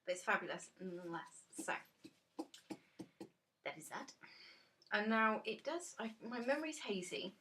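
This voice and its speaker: A woman's voice: medium pitch, sing-song, moderate pace, long pauses, pushed and bright, slight background noise. A tired woman, chatting casually and rambling through a tarot deck reveal on her vlog, full of ums and self-deprecating asides. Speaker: tarot vlogger.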